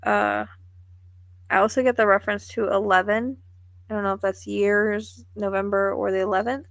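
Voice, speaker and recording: A woman's voice: medium pitch, fairly even intonation, moderate pace, fairly bright tone, no echo. A woman psychic medium giving a live reading, thinking aloud in a musing, tentative way.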